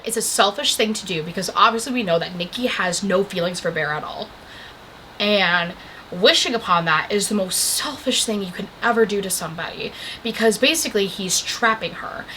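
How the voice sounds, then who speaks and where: A young woman casually recapping a movie, chatty and animated, saying "like" a lot and breaking off to talk to the camera. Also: mid-range voice, a little hiss or hum, poor audio. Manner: chatty, animated, heavy use of "like"; breaks off to talk to the camera about her coffee and pillow. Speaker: vlogger reviewing a movie.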